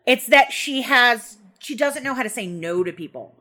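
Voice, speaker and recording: A woman co-hosting a podcast, talking about a TV show in a frank, animated way and swearing now and then for emphasis. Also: on the high side, moderate pace. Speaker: podcast co-host. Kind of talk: casual discussion of a TV episode.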